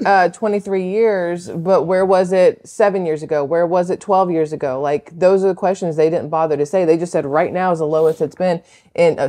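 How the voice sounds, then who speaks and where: A low-pitched, mellow-voiced woman co-hosts a casual podcast. She talks fast and argues her opinions firmly. There is no studio microphone, so it sounds homemade. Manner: opinionated, argumentative, quick. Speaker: podcast co-host.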